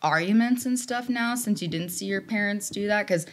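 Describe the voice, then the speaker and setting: A woman's voice: mid-range voice, moderate pace. A woman co-hosting a podcast in casual chat, asking the guest curious questions and laughing easily. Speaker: podcast co-host.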